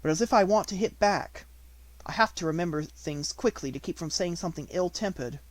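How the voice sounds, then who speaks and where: Composed young girl, gently raised pitch, dry close sound, read by a man. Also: brisk, dry recording, lightly acted. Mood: comforting. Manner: calm, steady, comforting. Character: steady, kind young schoolgirl.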